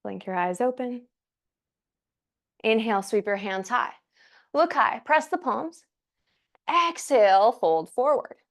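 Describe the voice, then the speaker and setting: A woman's voice: on the high side, lively intonation, slow, pauses often. A young woman teaching a yoga class, cueing breaths and poses in an encouraging, playful way, a little out of breath. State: slightly out of breath. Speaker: yoga instructor. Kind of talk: guided yoga class instruction.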